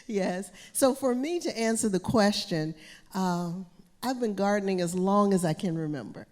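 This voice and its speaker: A woman from South Florida speaks as a panel guest, telling stories warmly and laughing often. Her pitch sits in a middle range. The theater's long reverb hangs around her words. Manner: warm, laughing, storytelling. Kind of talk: casual onstage conversation. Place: theater stage.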